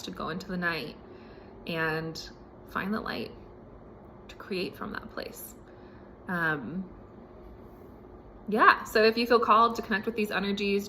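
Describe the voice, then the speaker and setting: A woman hosting a spiritual podcast, speaking in a relaxed and casual way with many fillers, recorded at home. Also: mid-range voice, vocal fry, noisy background. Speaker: podcast host.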